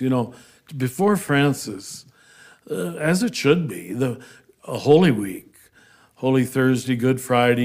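Earnest man teaching theology in conversation. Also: medium pitch. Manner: earnest, animated, breaks into soft laughs. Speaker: Franciscan priest and author, interview guest.

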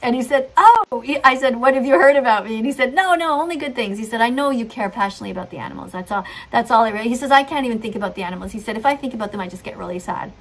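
A woman's voice: a little high, very fast, few pauses, a bit bright. A middle-aged woman earnestly telling a rambling story, acting out what others said. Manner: rambling, earnest, acts out quotes. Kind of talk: storytelling monologue.

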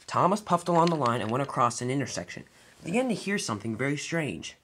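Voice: mid-range voice, very animated, fast, a bit bright, a little hiss or hum. A narrator telling a toy train fan-film story in a dramatic, storybook way.

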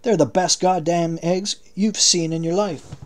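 A man's voice: high-pitched, fairly even intonation, a little slow, pitched above the performer's own voice. A man voicing a boastful, pushy American prisoner who runs the camp. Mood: furious. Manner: blunt, profane, pushy.

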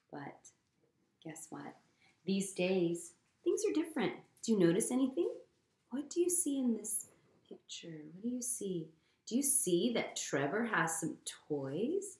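A woman reading a picture book aloud to little kids, unhurried and gentle, stopping to ask them what they see. Her voice sits a bit low. The recording has a roomy echo. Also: lively intonation. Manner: gentle, asks the children questions. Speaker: storytime reader.

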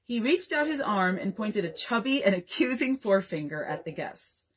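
A young woman librarian reads a bedtime story aloud with a lively, rising and falling voice. Her tone is soft and a little breathy, and she gives each bit of dialogue its own voice. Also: mid-range voice, moderate pace.

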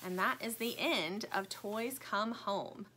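A woman reading a children's storybook aloud in a gentle storytelling manner. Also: medium pitch, takes it slowly, slight background noise. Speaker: storybook reader.

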